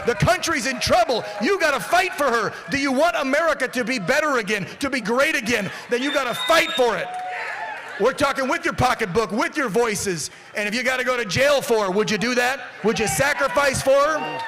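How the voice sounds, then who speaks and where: A man warming up a rally crowd with a brash, profane, shouted speech. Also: very high voice, expressive, brisk, background noise. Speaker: rally warm-up speaker.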